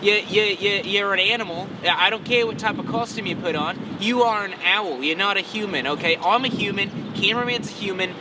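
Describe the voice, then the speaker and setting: A young man playing a bumbling, overconfident nature documentary host in a comedy sketch, talking in a rambling, mock-serious, deadpan way, recorded outdoors on a campus. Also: high voice, brisk, few pauses, lightly acted. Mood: scornful. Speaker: comic nature show host. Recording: noisy outdoor recording with traffic.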